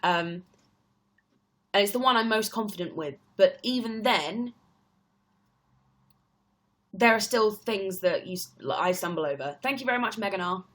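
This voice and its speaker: A woman's voice: mid-range voice, expressive, normal speed, pauses often, fairly bright tone. A young woman with an English accent, chatting casually on a live stream and reading out viewers' comments, rambling with lots of fillers. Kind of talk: casual chat.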